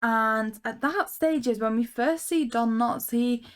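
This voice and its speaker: Female podcast co-host, slightly high voice, chatty plot recaps, laughs easily. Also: unhurried. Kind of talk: casual review chat.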